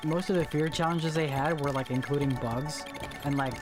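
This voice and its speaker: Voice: medium pitch, steady tone, moderate pace. A live streamer chatting casually with viewers while gaming, groaning and pleading in a loose, slangy way with many repeats. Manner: squeamish, pleading and groaning at chat. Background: music.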